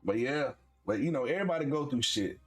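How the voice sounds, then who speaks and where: Talking fast over faint background music, this man in his forties from Florida hosts a stream and tells stories in easy chat. He's animated and laughing, veering between high bursts of excitement and low asides.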